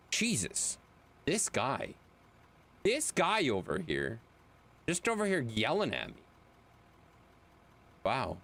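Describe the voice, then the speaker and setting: A man streaming a game live, joking and swearing with his friends in lively banter. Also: mid-range voice, measured pace, long pauses. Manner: excitable, profane, joking.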